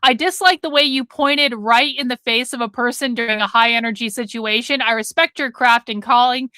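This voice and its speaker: A woman's voice: fairly high pitch, steady tone, fairly quick, sharp tone, dry recording. A woman hosting a livestream, reacting to a clip with sarcastic, profane and mocking commentary.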